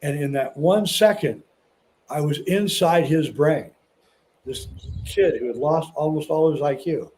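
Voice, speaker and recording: A man's voice: on the high side, unhurried, a little mellow, slight background noise. A man guest on a podcast, telling a personal story earnestly and stumbling over restarts. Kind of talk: casual storytelling.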